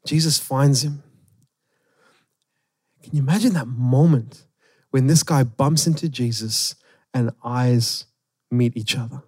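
A man preaching a sermon, retelling a story with animated emphasis. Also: medium pitch, slow, long pauses, slightly rough, no room sound, clean studio sound. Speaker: pastor.

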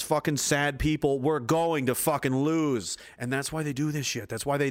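A man's voice: fairly high pitch, fairly bright tone. A man delivering a fierce, profane motivational rant, swearing freely and hammering his points with repetition.

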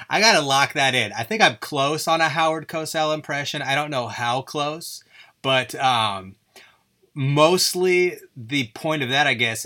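Bright-voiced man rambling on his podcast. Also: mid-range voice. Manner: self-deprecating, goofy, rambling. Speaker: podcast host. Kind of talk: rambling solo podcast monologue.

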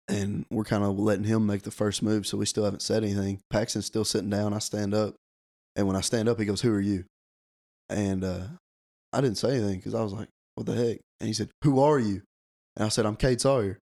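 A young man tells a story in a relaxed, chatty way, and his voice sits a little low. He acts out the quoted lines as he goes. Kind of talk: casual storytelling.

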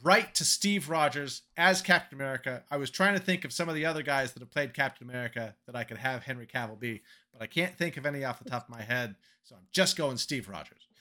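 A man co-hosting a casual chat show, rambling through his pitch with self-deprecating laughs. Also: fast talker, few pauses, sharp tone. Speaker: podcast co-host.

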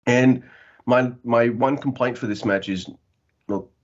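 A man's voice: mid-range voice, unhurried, highs cut off. A man co-hosting a podcast, chatting casually and jokingly about a wrestling show. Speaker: podcast co-host. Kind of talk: casual wrestling recap chat.

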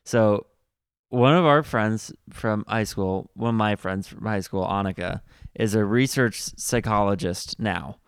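Brief: tipsy male host, smooth clear voice, dry close sound, loose and jokey. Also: lowish voice, unhurried, few pauses, no room sound. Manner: loose, joking, laughing often. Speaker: podcast host. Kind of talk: casual chat.

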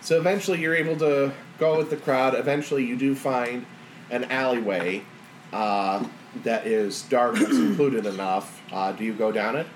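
A man narrating as game master of a tabletop game, relaxed and halting with fillers. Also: mid-range voice, noisy background.

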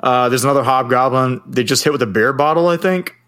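A man recapping a movie in a rambling, profane way, breaking into laughter often. His voice sits at a middle pitch. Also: brisk, a bit bright, smooth. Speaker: podcast co-host. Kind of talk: casual chat recapping a movie.

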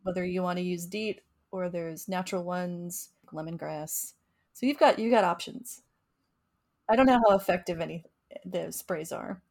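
A woman's voice: lowish voice, moderate pace, darkish tone. A young adult woman, a researcher, chatting casually on a podcast and explaining with frequent laughs and restarts. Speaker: mosquito researcher and co-host.

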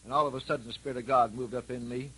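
Husky folksy preacher man. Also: mid-range voice, fairly even intonation, rapid-fire, pushed and bright, low-quality recording. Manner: folksy storytelling, repetitive and emphatic. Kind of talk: sermon.

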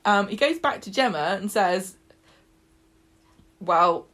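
A woman co-hosting a chatty podcast, running through a soap's plot in easy, casual talk. She keeps it lively, laughs easily and slips into little voices for the characters. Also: medium pitch, normal speed. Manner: chatty, animated, laughs often, acts out quotes. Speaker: podcast co-host. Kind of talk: casual chat recapping a soap.

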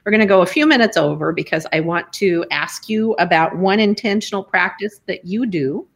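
A woman's voice: mid-range voice, moderate pace. A woman hosting an interview who answers her guest in an engaged way and sums up what he has said. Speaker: host.

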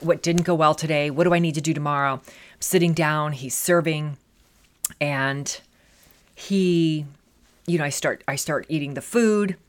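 A middle-aged woman telling a personal story as a motivational speaker, earnest and reflective, leaning on "you know" as she talks. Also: deep voice.

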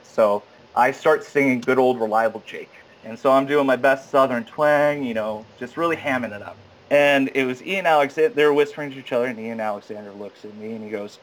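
A man's voice: fairly quick, rough recording. A man casually telling a story, acting out the quoted lines and often stammering and restarting. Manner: animated, acts out quoted dialogue with sudden high jumps. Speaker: guest recounting an audition.

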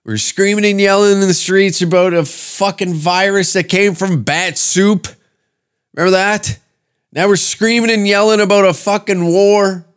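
A man's voice: high voice, fairly bright tone, clean tone. A man hosting a podcast, ranting with heavy swearing and sarcasm in a comedic monologue. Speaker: podcast host. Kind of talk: comedic rant.

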